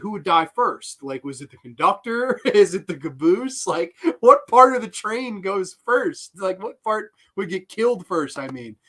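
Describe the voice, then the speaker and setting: A young man talks over a horror film for a live stream audience, rambling loosely and swearing freely. His voice is bright and sits a little high for a man, and he keeps breaking into laughter between thoughts. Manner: rambling, profane, laughing often. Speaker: host.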